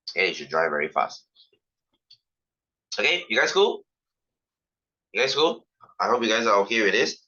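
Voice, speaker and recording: A young man with a Malaysian English accent, teaching science in a casual online class. His voice sits low but sounds bright and forceful, and he talks in a chatty way, repeating himself and checking in with his students. The audio is dull and lo-fi.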